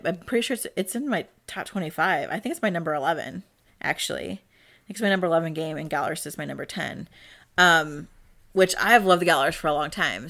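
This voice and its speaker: A woman's voice: lowish voice, a bit bright. A woman co-hosting a podcast in casual chat, chatty and rambling, laughing often. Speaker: podcast co-host.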